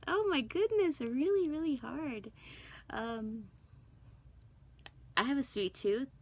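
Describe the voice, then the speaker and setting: With vocal fry in a mid-range voice, the middle-aged woman, Guyanese-born and Brooklyn-raised, chats casually to camera as a cross stitch vlogger. She rambles, with frequent ums, asides, and self-talk, and the recording is rough.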